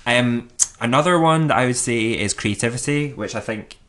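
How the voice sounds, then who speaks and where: A man co-hosting a podcast, chatting in an animated way, laughing often and using lots of fillers. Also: mid-range voice, moderate pace. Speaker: podcast co-host. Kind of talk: casual chat.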